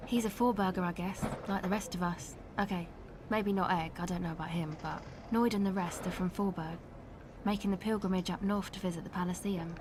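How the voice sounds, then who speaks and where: An actress voicing a cool, guarded young woman in a video game, offhand and evasive, over clear background noise. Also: fairly low pitch, fairly even intonation, a little fast, natural voice. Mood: laid-back. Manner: laid-back, evasive, offhand. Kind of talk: voiced video game dialogue.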